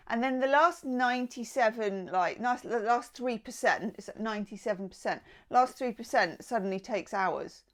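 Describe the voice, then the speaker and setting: A woman talks through a tarot spread in a loose, chatty way. She wanders off into playful asides and jokes before coming back to the cards. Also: medium pitch. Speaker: tarot reader. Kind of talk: casual tarot reading.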